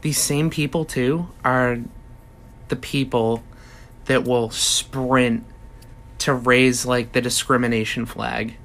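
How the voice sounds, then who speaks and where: A man's voice: mid-range voice, fairly even intonation, slow pace, fairly bright tone. A man hosting a comedy podcast, delivering a profane, exasperated rant monologue. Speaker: podcast host.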